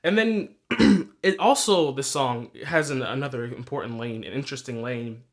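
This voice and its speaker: A young man hosts a music podcast, doing a casual solo review of new music. He talks loosely and profanely, corrects himself often, and laughs at his own points, in a mid-range voice at normal speed.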